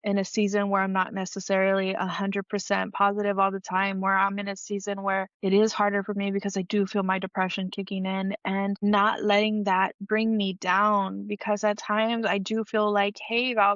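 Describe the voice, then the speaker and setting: Woman, podcast host, earnest, vulnerable, near tears, even pitch, dry muffled recording. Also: no echo. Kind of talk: reflective faith-based podcast talk. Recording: dull, dry lo-fi audio.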